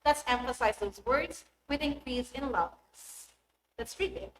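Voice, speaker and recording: High-voiced woman teaching, echoey. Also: a bit bright. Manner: clear, deliberate teacherly delivery, stressing key words. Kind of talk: recorded English lesson. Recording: echoey room with faint noise.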